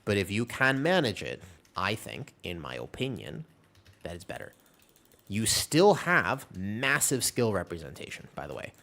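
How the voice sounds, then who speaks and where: Male game streamer, lively pitch, rambling chatty callouts while tanking. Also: moderate pace. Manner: animated, rambling, mixes callouts with banter. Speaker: game streamer and tank player. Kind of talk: live gameplay commentary and chat with viewers.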